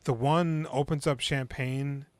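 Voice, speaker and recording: A man co-hosting a podcast, casually retelling a film's plot and acting out the characters' lines. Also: takes it slowly. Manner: animated retelling, acting out lines in high put-on voices. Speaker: podcast co-host. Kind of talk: casual movie recap chat.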